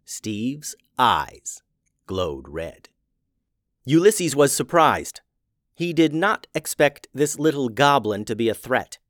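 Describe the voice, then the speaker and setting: Man, storyteller, fantasy narration, animated pitch, dry close sound. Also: takes it slowly, no echo. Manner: expressive storytelling.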